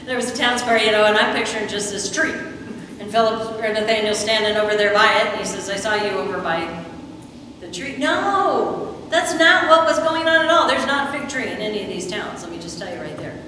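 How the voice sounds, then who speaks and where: A woman's voice: medium pitch, expressive, a little fast, background noise. A woman preaching a sermon, retelling scripture and acting out the quoted lines as she goes. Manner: storytelling, acts out quoted lines. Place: church sanctuary. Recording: echoey hall from far off.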